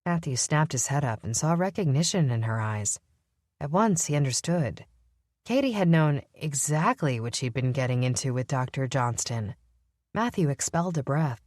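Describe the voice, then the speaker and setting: A woman narrating an audiobook in an even, measured reading. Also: a bass voice, no echo, studio quality. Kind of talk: scripted narration.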